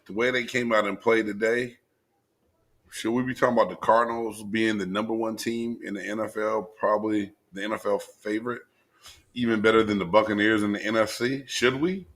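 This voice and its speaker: A man co-hosting a casual sports talk show, excitable and prone to shouting when worked up. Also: on the low side, a little fast. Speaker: co-host.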